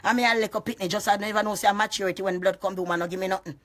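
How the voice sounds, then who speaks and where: Jamaican lady going off on a live stream, heavy patois, cussing, rambly, mid pitch voice, gets loud then laughs it off. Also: fairly even intonation, racing. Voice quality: heavy patois, frequent cursing. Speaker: vlogger. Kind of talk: emotional live-stream rant.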